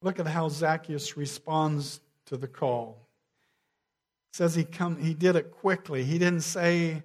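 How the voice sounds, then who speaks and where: A man preaching a sermon, measured, sinking to a quiet hush on key phrases. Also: on the high side, steady tone. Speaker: pastor.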